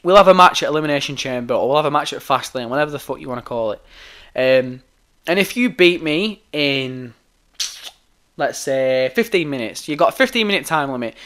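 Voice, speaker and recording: A hoarse man putting on a cocky, trash-talking female wrestler who swears and brushes off a rival. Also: mid-range voice, expressive, fairly quick, a bit bright, pitched below the performer's own voice, lightly acted. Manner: brash, sweary, dismissive.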